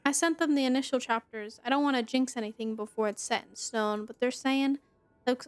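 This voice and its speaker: Casting: a woman reading a boastful 1940s husband, a slow swaggering drawl in a fairly high voice. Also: clear, resonant tone, no echo, lightly acted. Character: smug, swaggering 1940s husband and would-be writer.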